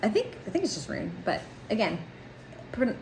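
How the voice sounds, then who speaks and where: A woman's voice: medium pitch, huge pitch swings, normal speed, a little mellow. Woman rambling about a book at home, lots of ums and laughs, echoey room with faint background noise. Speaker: book vlogger. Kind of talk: casual book discussion. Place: home with cats and laundry running.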